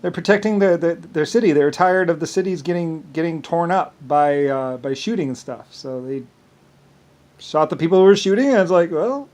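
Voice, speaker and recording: A man in a rambling personal monologue who talks haltingly, repeats words, fills pauses and chuckles often. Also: fairly high pitch, expressive, darkish tone.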